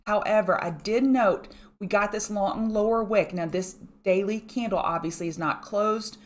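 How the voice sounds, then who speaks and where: A middle-aged woman hosting a live pre-market stream, chatty and fast, greeting viewers by name between chart notes, with a strong regional accent. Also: medium pitch. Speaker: market analyst host.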